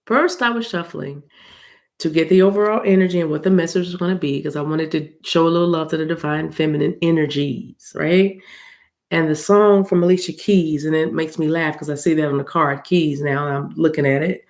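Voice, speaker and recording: An American woman doing a casual spiritual card reading, chatty and rambling, with a voice roughened by allergies. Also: deep voice, fairly even intonation, fairly quick, a little mellow. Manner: chatty and rambling, addresses viewers as y'all, laughs often. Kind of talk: casual tarot reading chat.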